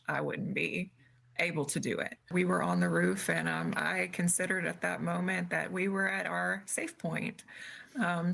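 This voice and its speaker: Low husky woman talking slow in an interview, gravelly, lots of ums. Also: a bit bright. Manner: slow, halting, with many pauses and fillers. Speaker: interviewee, grieving mother. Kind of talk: emotional interview testimony.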